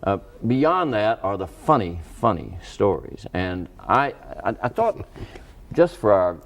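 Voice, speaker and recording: A man hosting a TV book interview, speaking deliberately with frequent pauses. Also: fairly low pitch, sing-song, creaky, a little hiss or hum. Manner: deliberate, hesitant with many uh and um. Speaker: TV interviewer and host. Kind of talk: measured TV interview.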